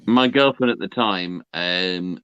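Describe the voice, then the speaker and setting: A man from the North of England talking as a podcast guest, measured and a little defensive. His voice is fairly low. It comes through a dull, lo-fi remote line with a dry sound. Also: sharp tone, smooth, no room sound. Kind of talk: casual comedy chat.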